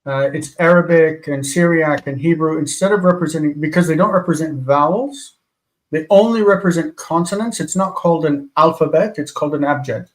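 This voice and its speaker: A man co-teaching a live lesson, with a voice a little above average pitch. He explains things carefully and steers his partner back on track. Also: a little fast, rough recording. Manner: precise, gently corrects his co-teacher. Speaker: Hebrew class co-teacher.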